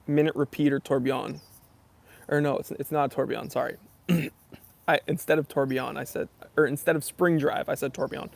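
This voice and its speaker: Gravelly, joking live-stream host. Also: male voice, on the high side. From Los Angeles area. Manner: joking, animated, self-deprecating banter. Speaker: YouTube channel host doing a live stream Q&A. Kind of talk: casual live-stream chat reading comments.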